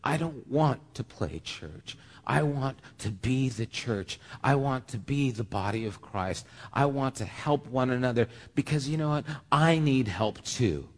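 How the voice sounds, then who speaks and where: In a church sanctuary, a man preaches with heartfelt earnestness, often stammering and doubling back on words. His medium-pitched, expressive voice moves at a measured pace with hardly any pauses, under a long church-hall reverb.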